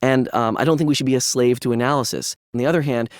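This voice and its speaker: A man's voice: mid-range voice, fast talker, no echo. Man lecturing on books, chatty and analytical, dry close mic. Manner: conversational, analytical, with asides. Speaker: literature lecturer. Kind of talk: academic lecture.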